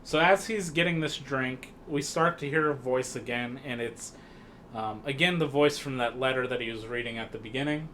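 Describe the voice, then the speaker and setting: A man co-hosting a casual podcast talks through a film at a moderate pace in a bright, forward, medium-pitched voice. His film recap chat is loose and rambling, with many fillers and restarts, and faint background noise sits beneath it.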